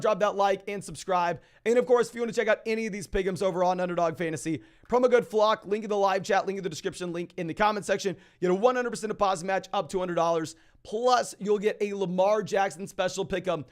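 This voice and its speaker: A young man hosting a fantasy football live stream, reading viewer questions aloud and answering them in quick, energetic sports talk. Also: high voice.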